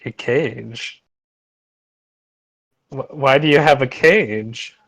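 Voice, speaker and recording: A man's voice: mid-range voice, extremely slow, vocal fry, fairly bright tone, low-quality recording. A man playing a tabletop game online who eagerly says what his character does. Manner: eager, declaring actions. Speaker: player.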